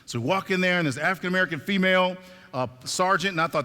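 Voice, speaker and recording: A man giving a stage talk, telling a story in an animated way and acting out the dialogue, in a reverberant hall. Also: high voice, racing. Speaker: speaker at a talk.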